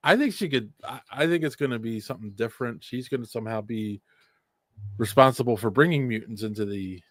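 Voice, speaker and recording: A man co-hosting a podcast in casual chat, teasing his partner in lively banter. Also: mid-range voice, a little fast, dry recording. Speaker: podcast co-host.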